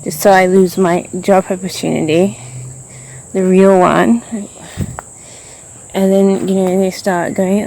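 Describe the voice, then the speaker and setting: A woman's voice: mid-range voice, little pitch movement, takes it slowly, gravelly, long pauses, mellow, slight background noise. A woman vlogging outdoors as she walks around, rambling and frustrated, full of fillers. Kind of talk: venting vlog monologue.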